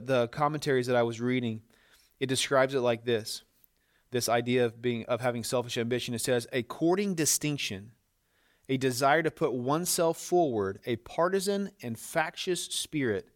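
A man preaching a sermon as a pastor, emphatic and repeating words to drive points home, with small restarts as he explains. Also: mid-range voice.

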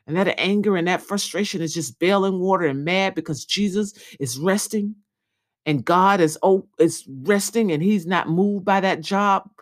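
A woman giving an earnest devotional podcast message, repeating phrases in a preaching cadence. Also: mid-range voice.

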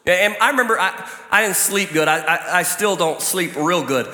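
Male pastor, high and bright, chatty joking sermon from the stage, recorded in an echoey church hall. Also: moderate pace. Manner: lively, conversational, joking storytelling. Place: church stage before a congregation.

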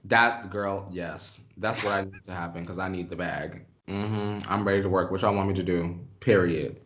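A woman's voice: rumbling low, fairly even intonation, normal speed. A woman co-hosting a podcast in sassy, emphatic casual chat, calling her friend "girl" again and again. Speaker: podcast co-host.

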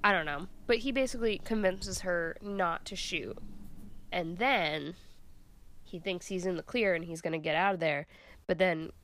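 A woman's voice: lowish voice, normal speed, a bit bright. A woman co-hosting a podcast, casually recapping a TV episode in a chatty, filler-heavy way. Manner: chatty, filler-heavy retelling with 'like' and 'um'. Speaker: podcast co-host.

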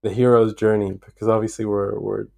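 A man's voice: lowish voice, level tone, brisk, gravelly, darkish tone. A man hosting a podcast, working through long, reflective thoughts with enthusiasm. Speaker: podcast host. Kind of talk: podcast interview.

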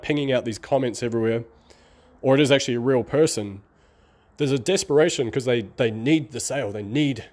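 Talking casually to camera, this online marketing vlogger has a medium-pitched, darkish voice, a slight lisp and an accent falling between Australian and New Zealand. His drawn-out speech is rambling and candid.

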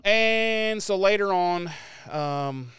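A man's voice: high voice, lively intonation, extremely slow, a bit bright, clean tone, no room sound. A man co-hosting a podcast, recapping an episode in casual chat, laughing often and swearing while acting out the characters' lines. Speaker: podcast co-host.

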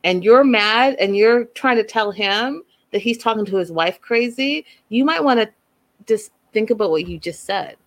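A woman's voice: on the high side, moderate pace. A woman giving blunt, opinionated commentary on a reality show, speaking straight to her viewers. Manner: emphatic, blunt, talks straight to "you guys". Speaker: reality TV recap vlogger.

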